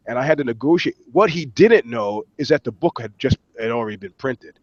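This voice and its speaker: A man's voice: mid-range voice, lively intonation, a little fast, hardly any pauses, no echo. A man, co-hosting a podcast in casual chat. He tells profane stories and acts out what other people said. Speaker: podcast co-host. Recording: dull lo-fi sound.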